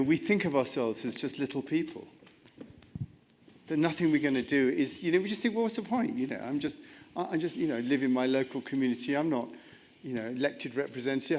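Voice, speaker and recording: A man leading a reflective spiritual discussion in a chapel, earnest and searching, often restarting his sentences. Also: medium pitch. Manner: earnest, searching, many restarts and "you know". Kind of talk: reflective spiritual talk with congregation.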